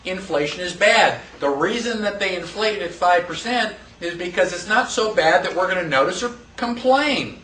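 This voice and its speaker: A man teaching a class in a lively lecture, quizzing the students and acting out quotes. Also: high-pitched, moderate pace, hardly any pauses, a little hiss or hum. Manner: animated, asks the class questions, acts out quotes. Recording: echoey room, voice from far off.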